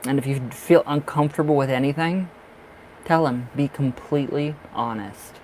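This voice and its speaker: A man's voice: mid-range voice, normal speed, darkish tone, rough recording. A chatty, effusive man reads tarot cards live for his viewers, gushing over their love lives and calling them darling. His voice sits in an ordinary middle range, with a faint hum of the room behind him. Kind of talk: casual live-stream chat.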